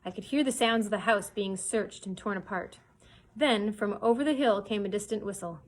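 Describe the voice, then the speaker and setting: A woman, a children's librarian, reading a chapter book aloud for story time, pausing now and then to show pictures. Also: medium pitch, rough recording. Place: public library.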